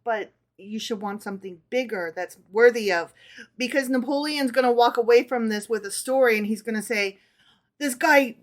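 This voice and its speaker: A woman with a fairly high voice reads folk stories aloud to her co-host. She is animated during the reading and drops into casual, joking asides between passages. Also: brisk. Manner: animated reader, chatty asides, casual swearing.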